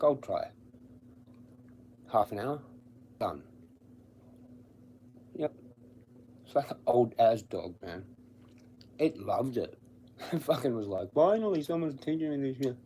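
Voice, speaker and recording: Low, dark-voiced Australian guy, blunt and foul-mouthed, casual stream chat. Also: slight background noise. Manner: blunt, swears constantly, laughs at his own stories. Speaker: livestreamer. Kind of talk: casual rambling livestream chat. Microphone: streaming from home with the camera off.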